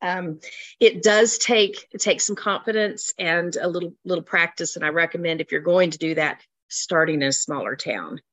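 Chatty woman travel advisor, lowish voice. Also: moderate pace, fairly bright tone. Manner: chatty, repeats words while thinking. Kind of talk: casual radio chat.

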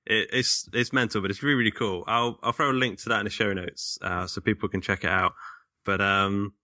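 A man's voice: on the low side, steady tone, fairly quick, sharp tone, dry recording, studio quality. A British man hosting a podcast in a chatty way, laughing easily as he talks. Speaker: podcast host. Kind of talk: casual podcast chat.

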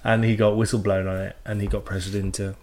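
A man's voice: on the low side, little pitch movement, quick pace, darkish tone. A man co-hosting a comedy podcast, chatting casually and agreeing often. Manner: agreeable, lots of "yeah, yeah". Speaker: podcast co-host.

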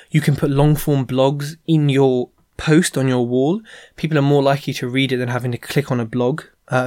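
A man's voice: medium pitch, a little mellow, no echo, clean studio sound. A man hosting a show, giving casual advice in a chatty way with plenty of fillers and asides. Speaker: podcast host giving business advice.

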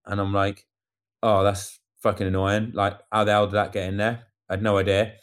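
A man casually telling a lively story about a bike race, acting out what people said. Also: on the low side, fairly quick. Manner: animated storyteller acting out quotes. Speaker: amateur cyclist recounting a race. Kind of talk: casual chat.

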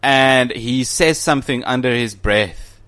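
A man's voice: medium pitch, measured pace, a bit bright. A man co-hosting a casual podcast, enthusiastic, often restarting his sentences. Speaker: podcast co-host. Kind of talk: casual chat.

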